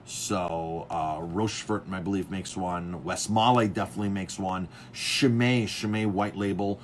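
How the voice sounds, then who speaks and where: A man's voice: sits low, a little slow, a little hiss or hum. A man, a chef and restaurant owner, chatting casually and telling rambling stories, full of fillers and restarts. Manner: animated storyteller who acts out others' lines. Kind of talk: casual chat telling stories about beer.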